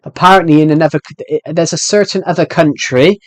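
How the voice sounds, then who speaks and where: A young man from Britain with a thick regional British accent, chatting casually on a live stream and rambling quickly with many restarts. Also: on the high side, no room sound.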